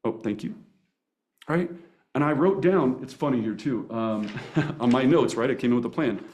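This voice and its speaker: A man teaching real estate agents negotiation in a seminar, energetic and animated, often restarting words and tagging "right?" onto his points. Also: mid-range voice, normal speed. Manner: energetic, animated, with playful voice impressions. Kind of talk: coaching seminar presentation.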